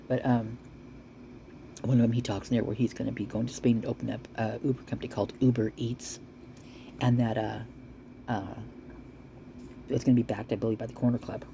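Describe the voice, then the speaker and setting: A woman talks in a loose, rambling way, trailing off and restarting as she reads local police reports aloud. Her voice has a gravelly, creaky texture. A steady hiss of noise runs under the recording. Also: a bass voice. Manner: chatty, rambling, chewing while talking. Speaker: vlogger reading police reports. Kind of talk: casual rambling commentary.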